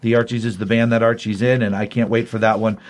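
A man's voice: mid-range voice, little pitch movement, fast. Rambling, enthusiastic male comics host. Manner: rambling, enthusiastic, filler-heavy. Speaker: podcast co-host, comics reviewer. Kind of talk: casual chat, retelling a comic plot.

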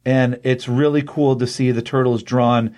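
A man with a mid-range voice gives a casual, lively recap of a comic book story. He slips into quick voices for the characters he quotes.

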